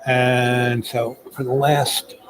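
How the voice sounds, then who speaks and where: Man, mid-pitched voice, rambling personal story, chatty, full of fillers, live chat host. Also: flat delivery, drawn-out words, a crowd in the background, low-quality recording. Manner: loose, filler-heavy and chatty.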